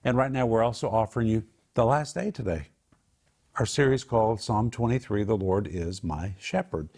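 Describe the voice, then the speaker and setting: A man hosting a Christian program teaches from the Psalms in an earnest, emphatic conversational style that builds to raised exhortation. His voice is on the low side, gravelly and a little mellow, at a moderate pace.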